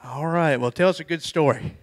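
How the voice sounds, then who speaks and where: A man's voice: on the high side, brisk. A man hosting a liar's contest, introducing contestants in easygoing, joking banter. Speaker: contest host. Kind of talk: casual emcee banter.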